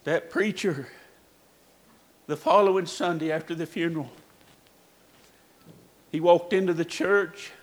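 A man preaching a sermon, telling a story dramatically, his voice swinging from hushed to shouting. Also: fairly high pitch, steady tone, unhurried, long pauses. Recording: echoey hall reverb.

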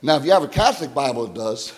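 A man preaching a sermon, swinging between loud exhortation and hushed storytelling. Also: mid-range voice, lively intonation, racing, long reverb tail.

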